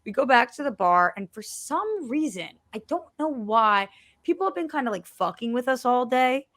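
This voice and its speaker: A woman co-hosting a podcast, telling a story with lively acted-out quotes. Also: a little high, normal speed, no echo. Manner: animated storyteller acting out quotes. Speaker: podcast co-host. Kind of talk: casual chat.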